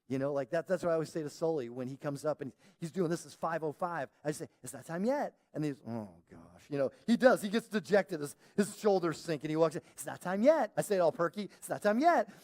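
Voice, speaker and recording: A man's voice: fairly high pitch, darkish tone. A male pastor preaching a conversational sermon, acting out quoted voices as he goes. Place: church auditorium.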